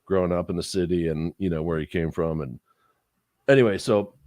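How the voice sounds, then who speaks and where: This deep-voiced man talks briskly as a podcast co-host, telling a lengthy story over casual chat and voicing the other characters' lines himself. He's profane and animated, and the clean studio recording has no echo.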